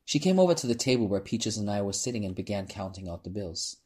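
A man reading a novel aloud in an unhurried, quiet way. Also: fairly low pitch, big pitch swings, slightly rough. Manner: unhurried, quiet, restarts phrases. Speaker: narrator.

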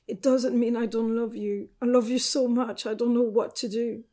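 A woman reading the lines of a tender but firm woman ending a relationship, in a soft pleading way. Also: on the high side, little pitch movement, moderate pace, close to an everyday voice.

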